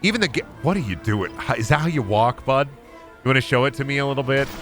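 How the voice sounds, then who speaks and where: A man's voice: medium pitch, fast, fairly bright tone, faint music behind. A man streaming a game, riffing in jokey, profane rambles as casual commentary. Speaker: gaming streamer.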